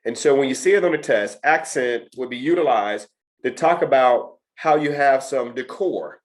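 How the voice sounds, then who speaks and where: An emphatic middle-aged man leads a test prep lesson. His voice sits at an ordinary pitch as he drills vocabulary for his students. He repeats his main points so they stick. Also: normal speed. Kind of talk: lecture to students.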